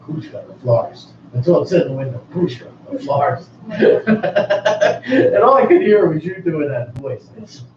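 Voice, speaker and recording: Man, radio host, loose jokey delivery, fairly high voice, dull lo-fi sound. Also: very animated, moderate pace, darkish tone. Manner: rambling and jokey, restarts often. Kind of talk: casual radio chat. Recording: echoey, distant, dull, noisy room.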